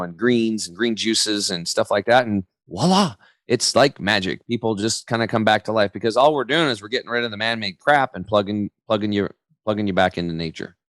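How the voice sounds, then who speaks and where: Energetic low-voiced man telling stories. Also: no echo. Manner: energetic storyteller, slangy, acts out quotes. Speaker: podcast guest, health coach. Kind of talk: casual interview chat.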